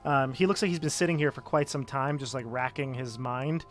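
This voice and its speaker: A man narrating as game master of a tabletop game, casual and halting with many fillers. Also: mid-range voice, faint music behind.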